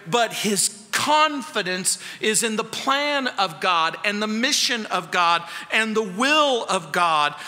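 Man, pastor, sermon, slow delivery, rhetorical questions, loud and soft swings, long hall reverb. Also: high-pitched.

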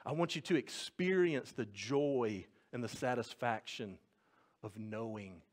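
A male preacher voicing a loving father who softly pleads to have his son back. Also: mid-range voice, a little slow, voice pushed down, close to an everyday voice. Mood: longing.

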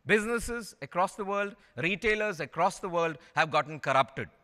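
Animated Indian man in a reverberant hall. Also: sits high, moderate pace. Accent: Indian English. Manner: animated, repeats phrases for emphasis. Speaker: conference speaker. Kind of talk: storytelling keynote talk.

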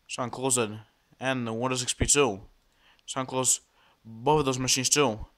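Guy rambling thru a screen recording, keeps stumbling n repeating words, gets excited, mid-pitched voice. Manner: halting, repeats and restarts words often; excitable, talks to viewers. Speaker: computer vlogger. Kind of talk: casual screen-recording commentary.

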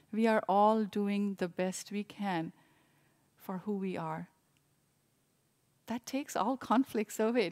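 Woman, mid-pitched, soft reflective sermon delivery, warm and unhurried. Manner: gentle, reflective, with frequent restarts. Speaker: service leader.

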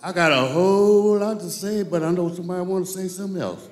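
A man's voice: high-pitched, fast. A man giving a rambling, heartfelt eulogy at a funeral, repeating himself and apologizing as he goes. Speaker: family friend giving a eulogy. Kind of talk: emotional spoken tribute. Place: church. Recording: echoey church sanctuary.

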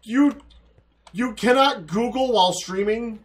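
High, playfully lecturing American man. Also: unhurried, background noise. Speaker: co-player. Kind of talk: casual gaming banter.

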